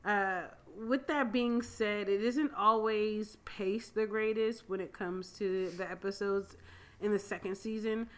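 A woman co-hosting a casual TV review chat, expressive and weighing praise against complaints. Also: mid-range voice. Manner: expressive, laughs easily, measured opinions. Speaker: podcast co-host reviewing a TV series.

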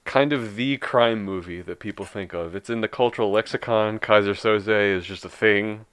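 A man with a somewhat low voice chatting about movies on a casual podcast. He sounds relaxed and opinionated, often stumbling into a sentence before finishing it. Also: normal speed, smooth. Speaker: podcast co-host. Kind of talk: casual chat.

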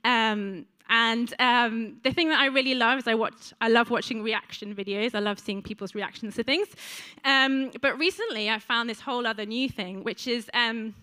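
A woman's voice: a little high, normal speed, few pauses, pushed and bright, smooth. A woman preaching a sermon to a congregation in a church, chatty, with frequent ums and asides to the listeners.

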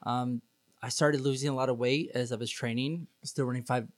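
A man's voice: medium pitch, steady tone, brisk, no room sound. A man, a podcast guest, telling his own story in a candid, sarcastic, rambling way with many fillers. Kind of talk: casual storytelling.

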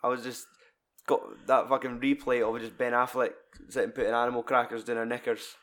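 A Scottish man in a relaxed film chat, swearing a lot and jumping into loud voices to act out scenes. His pitch sits in the middle range. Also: brisk.

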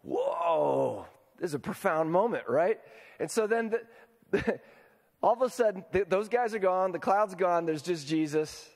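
A man with a high, slightly mellow voice preaches a sermon at normal speed in a large hall. As pastor, he talks conversationally and often checks in with his listeners through questions.

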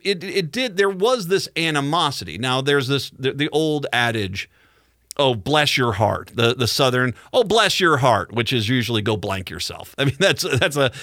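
A man hosts a radio talk show in a casual, meandering monologue. His voice is bright and forward. The sound is dry and close to the mic, and he trips over his own phrases and chuckles as he spins out the story. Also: medium pitch, dry recording. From Midwest United States. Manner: rambling storyteller with frequent restarts and chuckles.

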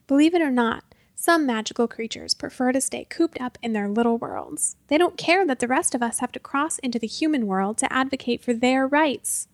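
A woman's voice: high-pitched, moderate pace, hardly any pauses, no echo. A woman doing a sarcastic young fairy picketer. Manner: sarcastic, scornful.

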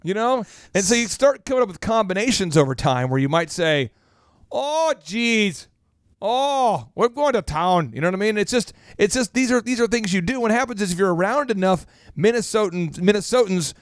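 A man's voice: sits high, lively intonation, fast talker, few pauses, no echo, studio quality. A man hosting a casual show as a business coach, talking animatedly and slipping in mock regional accents for laughs. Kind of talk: casual podcast talk with lessons.

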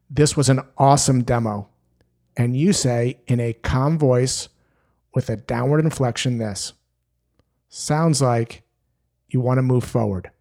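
Man, sales coach, scripted tips, calm, instructive, mid-range pitch.

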